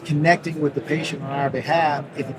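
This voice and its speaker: A man's voice: fairly high pitch, level tone, a little fast, over a noisy crowd. A middle-aged man, an orthodontist guest, answering earnestly and explaining with homespun analogies on a busy exhibit hall floor. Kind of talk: conversational interview answers. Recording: noisy convention floor.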